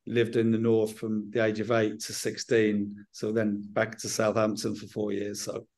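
A middle-aged man with a Southern English accent, a football manager answering interview questions frankly and in a measured way, often restarting his sentences. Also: on the low side, monotone, a little mellow. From England.

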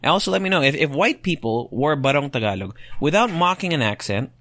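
A young man hosting a solo podcast, thinking out loud and rambling through rhetorical questions as he reads online comments. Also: on the high side, animated, fast talker, no echo. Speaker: podcast host.

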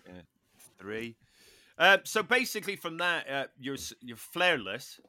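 A man hosting a podcast, teasing his guest with deadpan verdicts and plenty of ums. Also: a little high, measured pace. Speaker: podcast host. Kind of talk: casual comic interview.

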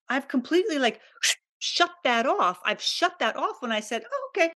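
A woman's voice: high-pitched, very animated, moderate pace, fairly bright tone. A woman hosting a personal podcast, speaking candidly and emotionally and often repeating herself as she confides in listeners. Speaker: podcast host.

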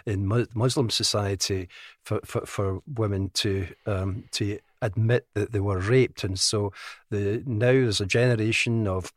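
Low-voiced older Glaswegian man. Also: steady tone, dry recording, studio quality. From Scotland. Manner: measured, matter-of-fact recounting. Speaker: guest. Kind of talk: podcast interview.

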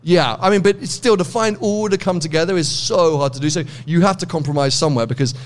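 A man's voice: fairly high pitch, quick pace. A British man hosting a podcast, chatting with car owners, teasing and laughing often. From United Kingdom. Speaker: podcast host. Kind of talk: casual interview at a car meet.

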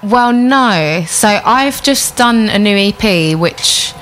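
A woman's voice: medium pitch, expressive, slow, a bit bright, a little hiss or hum. A young woman, a singer chatting as a guest in a casual interview, full of "like" fillers.

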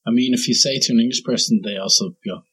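A man's voice: medium pitch, quick pace, a bit bright, breathy edge. An Irish man joking around playfully in a casual podcast chat. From Ireland. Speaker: podcast co-host.

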